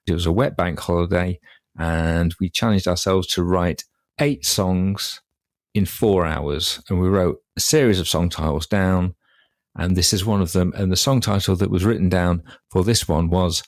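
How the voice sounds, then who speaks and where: A man's voice: low-pitched, darkish tone, no echo. A man, co-hosting a podcast in casual chat with a dry, wry and precise manner. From Derby, England. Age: 50s. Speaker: podcast co-host.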